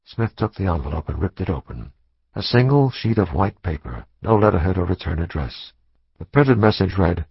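A man with a very low, gravelly, husky voice narrates a suspense novel in a measured, dramatic manner. The studio recording is dry and somewhat dull. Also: lively intonation, no echo. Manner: measured, dramatic thriller reading. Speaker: audiobook narrator. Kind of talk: scripted narration.

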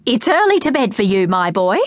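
A woman's voice: medium pitch, very animated, fairly quick, dry recording, natural voice. A woman voicing a young boy's exasperated mother who scolds crossly, in a children's storybook reading.

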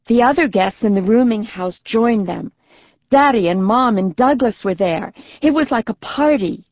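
A woman narrating a children's audiobook in a gentle, even storytelling manner. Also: on the high side, normal speed, no echo, muffled recording. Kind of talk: scripted narration.

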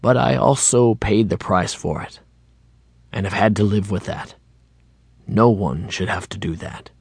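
A man voicing an aging male author who is fearful and burdened by guilt, speaking in a low, soft, brooding tone. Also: measured pace, gravelly, breathy edge, dry recording, heavily acted.

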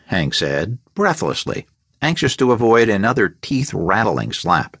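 A male audiobook narrator with a mid-pitched voice that moves a lot, reading at an unhurried, deliberate pace. The studio recording is close and dry, with no room sound. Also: no echo. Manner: measured, expressive storytelling.

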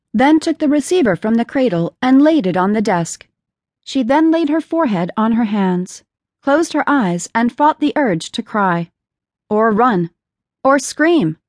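A woman reading an audiobook novel in steady, measured narration. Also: a little high, no echo, clean studio sound. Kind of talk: scripted narration.

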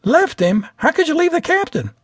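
Man doing a high, flustered flight attendant. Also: animated, normal speed, slightly rough, no echo, heavily acted. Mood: frightened. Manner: high, breathless, stammering. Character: flustered young woman flight attendant, sassy then scared.

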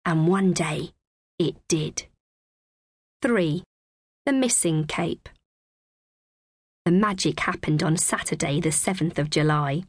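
A woman narrating a children's audiobook in the first person with a clear, expressive, measured reading. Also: low voice, no echo, studio quality.

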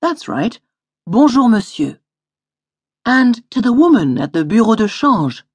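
Slow, breathy woman teaching. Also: fairly high pitch, big pitch swings. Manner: patient, slow model pronunciation. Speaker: language course instructor. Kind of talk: scripted audio lesson.

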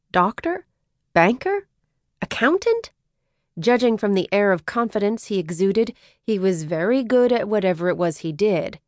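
Female audiobook narrator, mid-pitched, crisp and clear, steady measured delivery, dry booth sound. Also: no echo.

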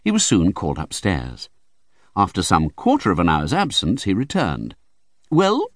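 A man narrates a classic novel in a low voice, telling the story with theatrical flair. His intonation swings widely from line to line. The studio recording is close and dry. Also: huge pitch swings, moderate pace, no echo. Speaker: audiobook narrator. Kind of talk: expressive audiobook narration.

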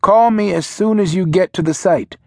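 A man voicing an older father and company head, answering the phone calmly and professionally, in an audiobook. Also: high voice, normal speed, creaky, no room sound, clean studio sound, pitched above the performer's own voice. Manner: calm, professional, reassuring. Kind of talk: audiobook character voice.

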